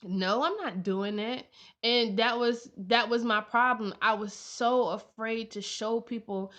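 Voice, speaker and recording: Unhurried and fairly bright, her slightly high voice carries a heartfelt personal vlog. The young woman repeats her lines to drive them home, and the recording has a dull lo-fi quality.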